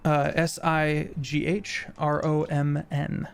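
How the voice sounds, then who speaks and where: Slow, halting male game master. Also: a little high, flat delivery, vocal fry, faint music behind. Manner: halting, with many fillers. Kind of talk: narrating a tabletop game.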